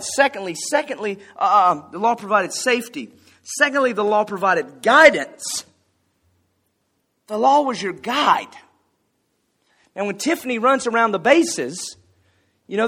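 Folksy preacher, male, high-pitched, conversational sermon delivery with light humor. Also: fairly bright tone. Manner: folksy, conversational, jokes with the congregation. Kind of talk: casual sermon with anecdotes.

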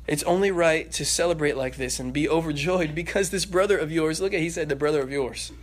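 A man preaching a sermon in a lively way, acting out the voices in the story and joking with the congregation. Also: on the high side, fairly quick. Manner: animated, acts out voices, laughs and jokes.

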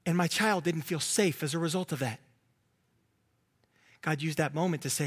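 A man preaching a sermon as pastor, earnest, at times dropping to a soft hush. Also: on the high side, moderate pace, pauses often, slightly rough.

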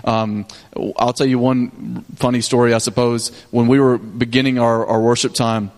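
Pastor telling mission stories. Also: male voice, mid-range voice, level tone, moderate pace, darkish tone. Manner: casual storytelling with frequent restarts and fillers. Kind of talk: mission trip report to a congregation. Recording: long hall reverb.

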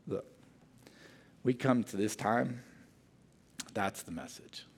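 Gravelly-voiced male pastor preaching. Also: fairly low pitch, takes it slowly. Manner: storytelling, reads a humorous story aloud with lively emphasis; turns quiet and earnest in prayer. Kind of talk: sermon.

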